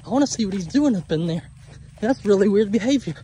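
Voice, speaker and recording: A woman's voice: mid-range voice, sing-song, moderate pace, long pauses, breathy edge. A woman vlogging from her homestead pasture, chatting casually and talking fondly to her cattle. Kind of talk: casual farm vlog narration. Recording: outdoor recording with loud engine noise.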